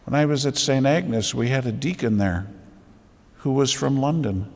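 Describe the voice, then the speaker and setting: A priest giving a homily with emphatic rhetorical questions, building to intense exhortation. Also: male voice, mid-range voice, normal speed, vocal fry, long reverb tail. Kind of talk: sermon. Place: church.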